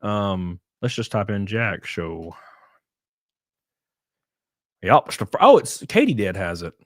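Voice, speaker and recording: A man's voice: on the low side, big pitch swings, slow pace, no echo, studio quality. A man live-streaming, chatting casually with his viewers, swearing, laughing and thanking them as he goes.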